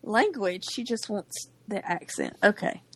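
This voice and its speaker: A woman co-hosting a podcast, chatting casually with quick, playful asides about a TV show. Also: mid-range voice, animated, fairly bright tone, husky. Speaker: podcast co-host. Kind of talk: casual TV recap chat.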